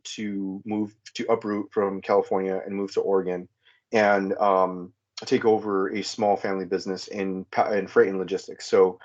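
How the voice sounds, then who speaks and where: A middle-aged man giving a hesitant, halting personal testimony as a caller on a podcast. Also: on the low side. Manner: hesitant, halting, many restarts and fillers. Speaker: returning caller. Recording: muffled lo-fi sound.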